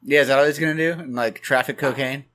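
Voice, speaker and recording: A man's voice: mid-range voice, fairly even intonation, quick pace, crowd noise. A young man co-hosting a podcast, joking with friends in a laid-back, swearing, dude-heavy way. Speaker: podcast co-host. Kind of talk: casual banter among friends.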